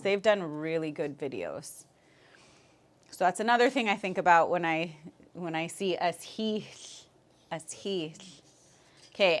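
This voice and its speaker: A woman teaching a language class, patiently modeling words and repeating them slowly for her students. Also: fairly low pitch.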